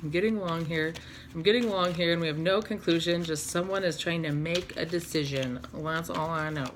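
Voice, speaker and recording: A woman's voice: lowish voice, brisk, a little hiss or hum. A woman doing a casual, chatty tarot reading, laughing often and swearing casually. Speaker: tarot reader.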